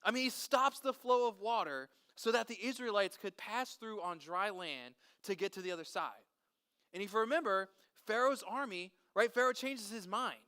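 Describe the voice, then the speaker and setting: A man leading a children's Bible story, energetic, playful and chatty with the kids. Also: sits high, moderate pace, smooth. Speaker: children's pastor.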